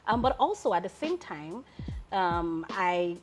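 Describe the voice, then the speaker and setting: Nigerian woman telling lively stories. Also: on the low side, unhurried, soft background music. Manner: lively storyteller, often breaks into laughter. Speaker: guest, lawyer and founder. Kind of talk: casual interview storytelling.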